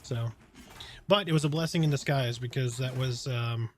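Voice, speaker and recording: A man streams a game, chatting in a relaxed, casual way and reading and answering viewers' questions while staying focused on play. He speaks at medium pitch and a moderate pace.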